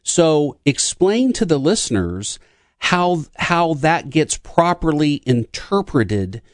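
A man's voice: fairly high pitch, big pitch swings, slow, no room sound, studio quality. A man co-hosting a podcast, putting long probing questions to a pastor and adding short agreements while the pastor talks. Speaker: co-host.

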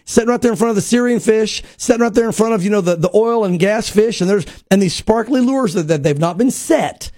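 A man, a pastor co-hosting a talk show, talks in animated bursts and acts out quotes. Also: sits high, fairly quick, few pauses, dry recording, clean studio sound. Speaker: pastor and co-host. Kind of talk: casual prophecy talk show.

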